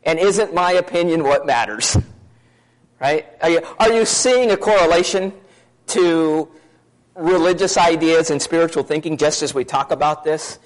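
A man preaching a sermon to his congregation, talking fast in a conversational way and asking many questions. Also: fairly high pitch, poor audio.

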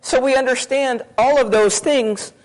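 A man preaching a sermon to his congregation, talking fast in a conversational way and asking many questions. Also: very high voice, poor audio.

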